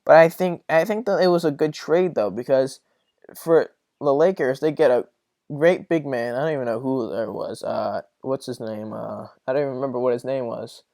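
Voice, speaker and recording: Young man, solo podcast host, rambling, profane, mid pitch. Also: normal speed, vocal fry, darkish tone, no echo, clean studio sound. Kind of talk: casual solo sports rant.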